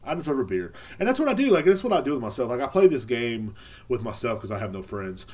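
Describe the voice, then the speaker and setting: A man hosts a casual beer podcast and rambles through a profane, sarcastic story. His pitch jumps up and down constantly, with sudden high squeaks whenever he mimics other people. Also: animated, fast talker, darkish tone. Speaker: podcast host.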